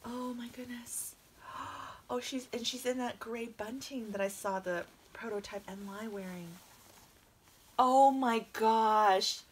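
A woman vlogging an unboxing to her viewers, gushing and excitable, with a slight cough from a coming cold and moments where she drops to a hush. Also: fairly high pitch, unhurried, a little hiss or hum. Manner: gushing, excitable, drifting into hushed whispers. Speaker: reborn doll collector vlogger. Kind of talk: unboxing vlog, talking to viewers.

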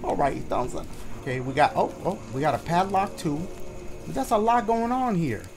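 A man's voice: sits high, expressive, normal speed, background noise. A man giving let's-play commentary, joking with the audience and his partner, then muttering nervously. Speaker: gaming YouTuber.

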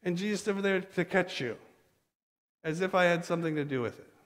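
Man, pastor, sermon, fairly high voice, animated, acts out dialogue, long church reverb. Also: brisk. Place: church sanctuary.

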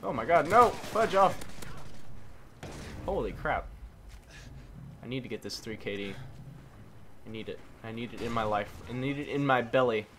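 Game gunfire plays behind a man commentating on his own shooter session, muttering to himself and substituting mild words for swears. His medium-pitched voice is sharp and animated, at normal speed with frequent pauses, and there's a little hiss or hum.

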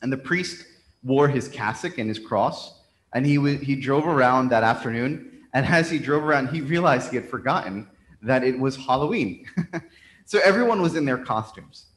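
A man's voice: mid-range voice, lively intonation, normal speed. A man, a priest, telling a story as a sermon in a church sanctuary, talking conversationally with frequent restarts. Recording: roomy church reverb.

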